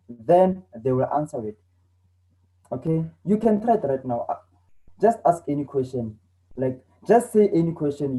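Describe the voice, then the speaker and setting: A South African man teaches an online English lesson from home, explaining patiently, repeating himself and saying "okay" a lot. His voice is on the high side with a dark tone, and the recording is low quality.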